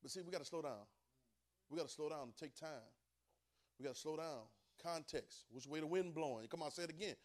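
Sex: man. Role: preacher. Style: high-voiced emphatic sermon. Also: a little fast. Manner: emphatic, repeats phrases, calls for responses from listeners. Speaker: preacher teaching a Bible class.

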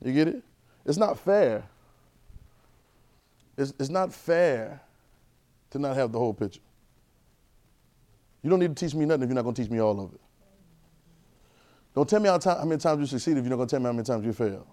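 A man's voice: mid-range voice, expressive, rapid-fire, pauses often, dark tone. A man, preaching a sermon and drawing responses from the congregation. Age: 30s. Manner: call-and-response with the congregation, conversational and emphatic.

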